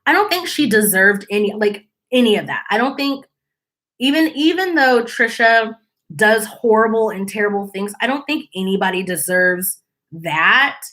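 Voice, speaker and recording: Bright animated woman host. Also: mid-range voice, normal speed. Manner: chatty, animated, mimics people in quotes. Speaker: commentary channel host. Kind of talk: casual commentary.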